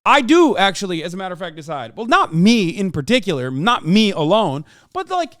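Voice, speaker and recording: A man's voice: sits high, big pitch swings, a little fast, a bit bright, dry recording, studio quality. A man in his thirties streaming from home, giving casual opinionated commentary that is profane, emphatic and rambling with fillers. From United States. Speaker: streamer reacting to clips.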